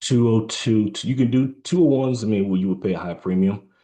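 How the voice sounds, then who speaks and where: A man giving halting live trading commentary, musing aloud with many fillers and restarts, sounding tired. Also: lowish voice, mellow. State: yawning, tired. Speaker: trader.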